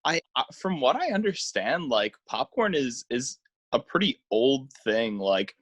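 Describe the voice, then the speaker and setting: A young man co-hosts a casual podcast, rambling through his thoughts with frequent "like"s and false starts. His voice sits at an ordinary middle pitch, and the recording is dry and close. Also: very animated, unhurried, fairly bright tone, no room sound. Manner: rambling, hesitant with restarts and "like". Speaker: podcast co-host. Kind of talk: casual chat.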